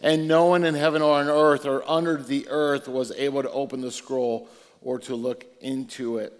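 A male preacher reading scripture aloud in church, slow and deliberate, with excited asides to the congregation. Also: mid-range voice. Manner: reads slowly and deliberately, breaking in with excited asides. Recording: long reverb of a large hall.

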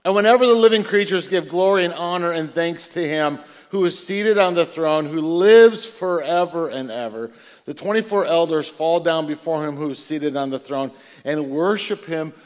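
Man reading scripture in an echoing hall. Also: on the high side. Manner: reads slowly and deliberately, breaking in with excited asides. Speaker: preacher. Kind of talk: scripture reading with sermon asides. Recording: long reverb of a large hall.

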